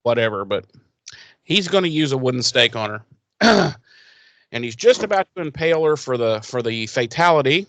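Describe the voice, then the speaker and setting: Male podcast co-host, casual recap, acts out lines, mid pitch, dry sound. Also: normal speed, no echo. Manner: animated retelling, acting out characters' lines. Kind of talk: casual chat recapping a TV episode.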